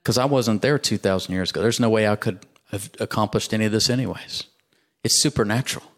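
A man's voice: fairly low pitch, quick pace. A male pastor preaching a sermon, emphatic and leading the congregation in call-and-response.

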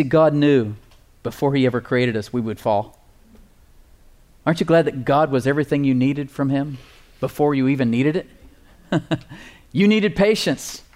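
A man preaching a sermon, slowing down to stress key phrases and calling for responses from the congregation. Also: fairly high pitch, a little mellow. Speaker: pastor.

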